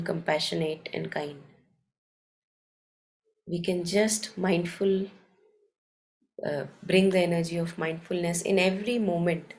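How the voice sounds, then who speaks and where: A woman leading a morning meditation, reading passages aloud and reflecting on them in a calm, unhurried, thoughtful way. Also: lowish voice, low-quality recording. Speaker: meditation session leader.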